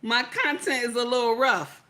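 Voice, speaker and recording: Sassy woman on a live stream reading chat, bright higher voice, teasing and laughing. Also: normal speed. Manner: sassy, teasing, chatty with loud laughing outbursts.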